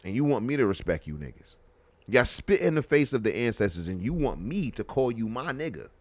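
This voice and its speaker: A man hosting a live podcast, delivering a heated, profane, repetitive rant that swings from loud outbursts to low muttering. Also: sing-song, brisk, no echo. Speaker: podcast host.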